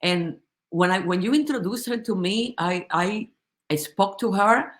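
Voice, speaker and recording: A woman at a medium pitch speaks with deep feeling. She gives a heartfelt testimony to friends, breaking off and restarting her sentences as she presses her point. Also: measured pace. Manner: impassioned, emotional, with frequent restarts. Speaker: company supporter giving a testimony. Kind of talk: heartfelt testimonial in a group conversation.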